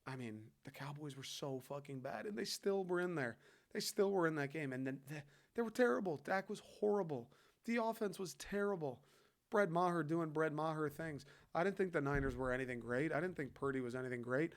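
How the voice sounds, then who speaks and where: A male podcast host with a fairly high voice talks a little fast in a casual sports chat. His rant is loose, fired-up and packed with profanity, and he calls his listeners "dude."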